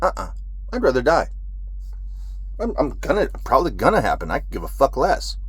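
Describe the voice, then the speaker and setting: A man's voice: medium pitch, wildly swooping pitch, a little fast, breathy edge. A man who is a military veteran, telling a story in an agitated, profane ranting monologue.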